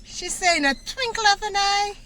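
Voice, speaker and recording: A middle-aged woman telling a story in a vlog, animated and often laughing as she talks. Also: very high-pitched, normal speed, slight background noise. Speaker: vlogger.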